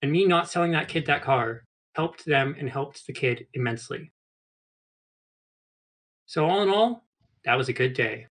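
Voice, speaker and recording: Podcast guest, male, bright, fairly high voice, easygoing anecdote-teller. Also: moderate pace, pauses often. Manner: relaxed, rambling anecdotes. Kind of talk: casual storytelling.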